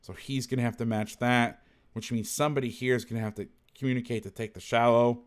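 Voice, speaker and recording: A man talks through football game film in a casual, blunt way, swearing now and then and correcting himself mid-thought. His voice sits at a middling pitch. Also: steady tone, fast talker, clear, resonant tone. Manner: blunt, thinks aloud, self-correcting, salty language.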